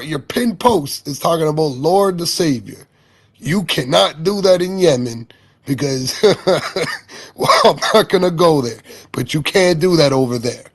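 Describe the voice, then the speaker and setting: A man talking in an online audio chat room, rambling with repeated words and swearing. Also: on the high side. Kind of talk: casual heated chat.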